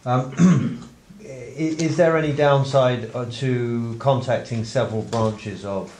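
A man's voice: mid-range voice, slow, a little mellow. A man in a seminar audience asking a question, hesitant and full of fillers. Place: seminar room. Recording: echoey room with faint noise.

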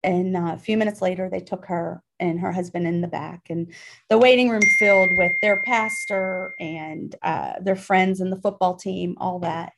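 A woman's voice: on the low side, steady tone, normal speed, creaky. A middle-aged woman from Pittsburgh, a guest in an interview, telling a personal story in an earnest, emotional way, with many ums and restarts. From Pittsburgh, Pennsylvania.

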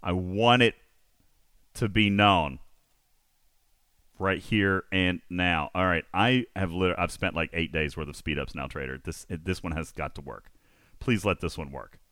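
A man with a low-pitched voice speaks unhurriedly in a recording with no room sound. Hosting a casual live stream, he reads chat comments aloud and reacts in an animated, exasperated way.

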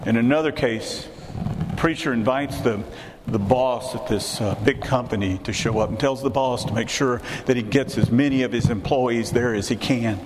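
A man's voice: mid-range voice, normal speed. An older man, preaching a sermon in a conversational way and putting rhetorical questions to the congregation. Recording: echoey hall with clear background hiss.

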